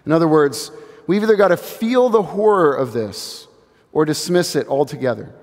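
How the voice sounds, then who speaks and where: A man in his thirties delivers a sermon in an earnest, reflective way, letting key phrases fall to a hush. His voice sits a little high. The sound carries the long reverb of a large sanctuary. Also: lively intonation. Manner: earnest, reflective, building slowly to hushed emphasis. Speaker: pastor.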